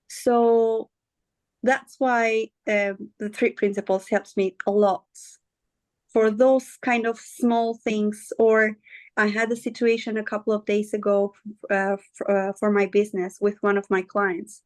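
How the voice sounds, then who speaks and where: A woman guest telling her story in a candid interview, earnest and halting, often searching for words. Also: mid-range voice, flat delivery, dry recording.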